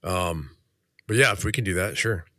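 A congested man with a head cold, chatting easygoing on a podcast. His low, bright voice sounds close and dry. He lets his sentences trail off softly. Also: moderate pace, no room sound. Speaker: podcast co-host. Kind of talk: casual chat.

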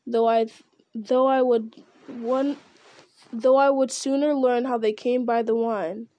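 Brief: amused, light-voiced elf, voiced by a woman reader, a bit higher and brighter. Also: fairly even intonation, slow pace, lo-fi sound.

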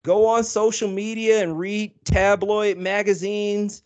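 A man with a high voice co-hosts a podcast in loose, casual chat. He rambles along with lots of fillers and restarts. His tone stays easygoing throughout. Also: level tone, measured pace. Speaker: podcast co-host.

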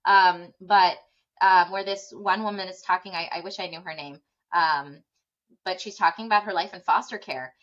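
A woman's voice: lowish voice, steady tone, moderate pace, fairly bright tone. A woman hosting a parenting podcast interview, talking in an earnest, effusive way with many fillers. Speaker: podcast host. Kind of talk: conversational interview. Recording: dull lo-fi sound.

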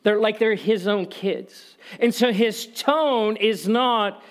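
A man's voice: sits high, slow. A man preaching a sermon in a conversational way, telling personal stories with humor and repeating key phrases for emphasis. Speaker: pastor.

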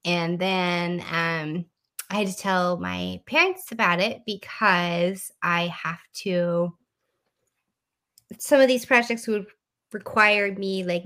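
A woman's voice: fairly low pitch, sharp tone. A woman from the American Midwest, co-hosting a casual podcast, talking candidly and swearing freely. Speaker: podcast co-host. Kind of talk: casual chat.

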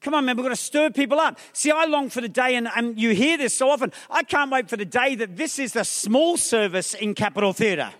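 A male pastor preaching an energetic sermon, rousing the crowd with repeated questions and calls, mixing in humorous asides. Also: very high-pitched, fairly quick, few pauses. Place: large theatre hall. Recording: long reverb of a large theatre.

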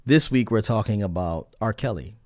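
A man co-hosting a casual couples podcast, relaxed and teasing, often restarting his sentences. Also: on the low side, normal speed, no echo, clean studio sound. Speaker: podcast co-host. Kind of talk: casual chat.

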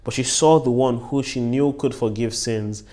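A man's voice: mid-range voice, fairly even intonation, normal speed, warm tone. Earnest man teaching the Bible. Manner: earnest, repeats key phrases for emphasis; exclamations of praise between points. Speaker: preacher and podcast host.

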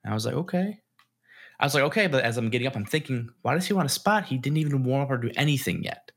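During a casual podcast chat, a young man who co-hosts the show tells an animated story and acts out the quotes. He's a fast talker with a medium-pitched voice.

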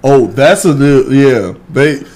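A man's voice: medium pitch, slow pace, a little mellow. A man hosting a podcast, joking and steering the conversation. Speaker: podcast host. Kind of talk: casual chat.

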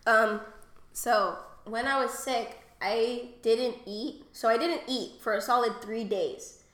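A woman's voice: a little high, takes it slowly, a bit bright, echoey room. A woman co-hosting a podcast, telling rambling, crude stories with lots of fillers and laughs, and coughing after a cold. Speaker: podcast co-host. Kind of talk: casual chat.

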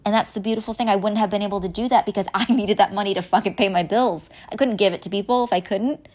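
A woman's voice: mid-range voice, fast talker, darkish tone. A woman coaching listeners through a money mindset exercise, talking casually, candid and earnest, swearing now and then. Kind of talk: casual motivational talk.

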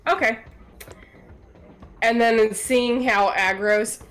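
A woman's voice: fairly high pitch, fairly even intonation, takes it slowly, a bit bright. A woman playing a tabletop game, chatty and describing what her character does. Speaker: player. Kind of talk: casual tabletop game play.

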